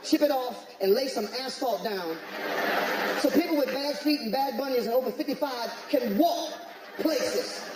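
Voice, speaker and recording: A man from the United States doing stand-up comedy, ranting in an animated, exclaiming way. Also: very high-pitched, normal speed, crowd noise. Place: comedy club stage. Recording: echoey hall with live audience.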